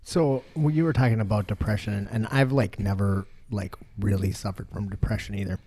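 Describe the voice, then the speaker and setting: A man with a fairly low voice talks casually on a podcast. He tells his story bluntly, swearing freely and laughing as he goes. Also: fairly even intonation, a little fast, warm tone. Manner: frank, profane, laughs through his story. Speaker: podcast host.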